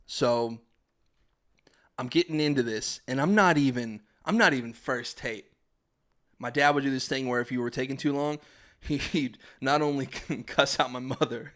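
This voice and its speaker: A man's voice: mid-range voice, moderate pace, a bit bright. A young man, a podcast host, telling a story in casual chat, laughing and acting out his family's voices.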